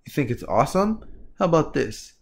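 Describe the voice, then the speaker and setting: A man voicing a strict, blunt male teacher in a casual retelling, speaking curtly in a flat manner. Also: fairly high pitch, brisk, creaky, husky, voice pushed up, heavily acted. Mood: stern.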